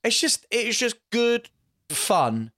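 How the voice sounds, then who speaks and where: A man co-hosting a podcast in casual chat, rambling and halting with many restarts. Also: extremely high pitch, very animated, bright, forceful tone, no room sound, clean studio sound. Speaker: podcast co-host.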